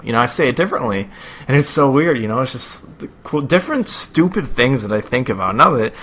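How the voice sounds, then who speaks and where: A man's voice: medium pitch, animated, a little fast, a bit bright, a little hiss or hum. A young man with a Buffalo, New York accent giving casual, rambling video game commentary in a chatty, self-amused way. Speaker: gameplay commentator.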